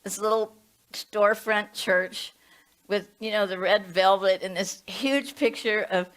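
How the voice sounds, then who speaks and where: A woman in her late seventies gives a conversational sermon as a minister and hospice chaplain. She talks in a chatty, storytelling way, throwing in asides as she goes. Her voice sits at a middle pitch. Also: steady tone, unhurried, fairly bright tone, poor audio. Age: 70s.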